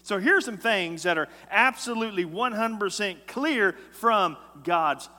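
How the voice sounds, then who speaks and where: A male pastor delivers a sermon with emphatic force, dropping to a hush and rising again. His voice is bright and sits a little high. The sound trails off into a long hall reverb. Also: expressive, a little slow. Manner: emphatic preacher, swings from loud to hushed. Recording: echoey hall.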